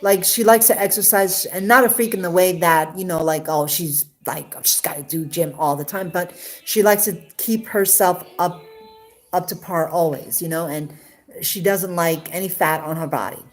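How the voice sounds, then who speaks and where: A woman's voice: on the low side, moderate pace. A woman telling a personal story to live viewers in a casual, emotional, rambling way, full of restarts and fillers. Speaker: livestream host.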